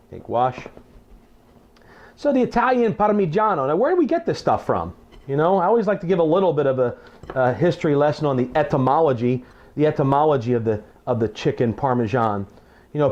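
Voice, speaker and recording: A man's voice: mid-range voice, a little mellow, lo-fi sound. A middle-aged man demonstrating a recipe in a home kitchen, talking in a chatty, folksy way with teacherly asides and restarted phrases. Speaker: cooking show chef. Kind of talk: casual cooking demonstration.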